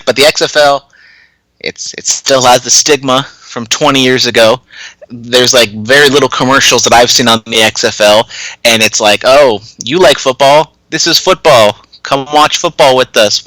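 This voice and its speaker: A man's voice: mid-range voice, pushed and bright, no room sound, rough recording. A man co-hosting a casual wrestling podcast, giving opinions in a dry, wry way. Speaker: podcast co-host.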